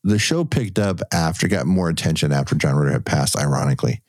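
A man's voice: very deep voice, quick pace, darkish tone, no room sound, studio quality. A man co-hosting a podcast in casual chat, rambling and loose, with restarts and cursing. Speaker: podcast co-host.

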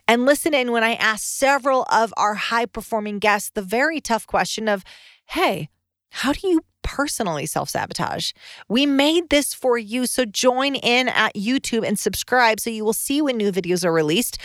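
A woman's voice: a little high, fairly bright tone, no echo, clean studio sound. A middle-aged woman hosting her own podcast, talking casually and upbeat as she shares parenting affirmations. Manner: upbeat, conversational, with self-help affirmations. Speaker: podcast host. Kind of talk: casual solo podcast talk.

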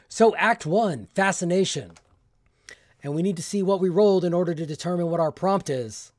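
A man with a slightly higher voice narrates a solo tabletop game. He is getting over an illness and speaks close to the microphone in a dry, dead room. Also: normal speed, a little mellow, no echo. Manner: reads game text aloud, then narrates in character as a ship captain. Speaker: solo tabletop game player and podcast host.

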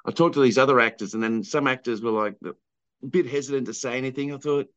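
A man's voice: mid-range voice, steady tone, fast talker, a bit bright, lo-fi sound. A filmmaker being interviewed, telling his story casually with lots of fillers and restarts and acting out what people said. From Australia. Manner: rambling, many fillers and restarts, acts out quoted people. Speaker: filmmaker guest.

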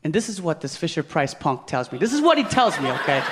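A man doing a stand-up routine on stage, animated and acting out other people's voices in quick bursts. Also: on the high side. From Philippines. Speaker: stand-up comedian. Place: concert hall stage before a live audience. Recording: live stage recording, faint crowd and noise.

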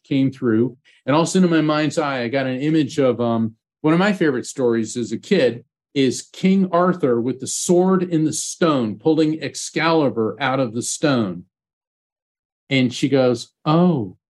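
A middle-aged man, a guest psychic medium, telling animated stories in an interview and acting out quotes. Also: mid-range voice. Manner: animated anecdotes with acted quotes. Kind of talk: storytelling interview.

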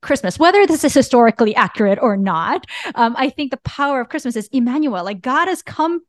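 A woman's voice: high-pitched, lively intonation, fairly quick. A woman co-hosting a casual faith podcast, earnest and a little teasing. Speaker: podcast co-host.

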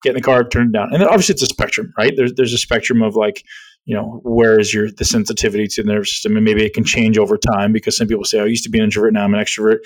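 A man's voice: on the low side, fairly even intonation, poor audio. A middle-aged man hosting a podcast, explaining ideas in casual conversation and often checking in with "right?". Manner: fast-talking, explanatory, peppers speech with "right?". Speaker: podcast host.

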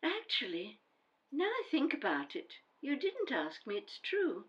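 An actress playing a grown daughter, a firm and defensive housewife, in an audio drama. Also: female voice, sits high, wildly swooping pitch, measured pace, muffled recording, full character voice. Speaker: adult daughter.

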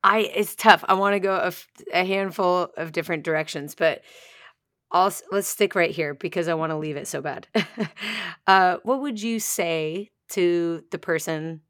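Woman, podcast host, casual chat, quick interjections, dry sound. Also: lowish voice, fairly bright tone, no echo. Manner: chatty and reactive, quick interjections.

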